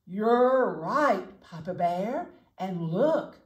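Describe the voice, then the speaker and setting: A woman's voice: medium pitch, lively intonation, drawn-out words, muffled recording. Woman doing a prim fussy mother bear. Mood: indignant. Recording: echoey room, faint noise.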